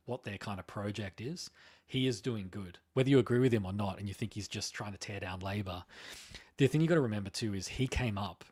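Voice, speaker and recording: Husky low-voiced Australian-born man. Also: no echo, clean studio sound. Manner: rambling, reads chat comments aloud. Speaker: political streamer hosting a live chat. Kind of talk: casual live-stream chat.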